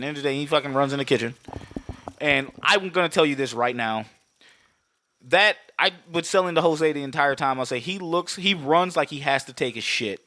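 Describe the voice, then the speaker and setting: A man talks casually on a podcast, rambling and swearing as he retells a movie plot and slips into quick voices for its characters. His voice sits a little high for a man. The mic is close and dry, with no room sound. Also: bright, forceful tone, dry recording. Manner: rambling, profane, acts out characters in quick bits. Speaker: podcast co-host. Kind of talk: casual movie recap chat.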